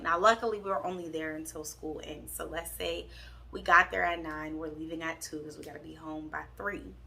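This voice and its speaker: A young woman from Pittsburgh tells a storytime vlog with candid, sassy energy, talking straight to her viewers. Her voice has a bright, forceful edge with a gravelly fry underneath. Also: low-pitched, steady tone, a little fast. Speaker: vlogger.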